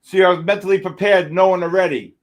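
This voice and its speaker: Excitable high-voiced trading stream host. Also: male voice, quick pace. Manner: excitable, exclamatory, calls out viewers by name. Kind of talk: live market commentary.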